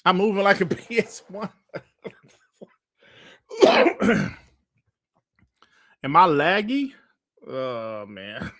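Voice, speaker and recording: Lively, high-voiced man hosting a gaming podcast. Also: unhurried, no echo, studio quality. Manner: laid-back, profane, grumbles at technical trouble. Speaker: podcast host. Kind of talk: casual gaming livestream chat.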